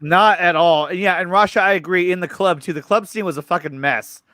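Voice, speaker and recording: A man hosting a casual chat about movie news. He is excited, repeats his words and often restarts his sentences. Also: sits high, a little fast, no echo, studio quality. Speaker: show host.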